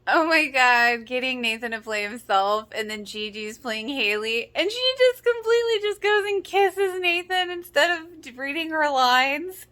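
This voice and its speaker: A woman hosting a casual reaction podcast, recapping a TV episode excitedly and laughing often. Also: high-pitched, unhurried.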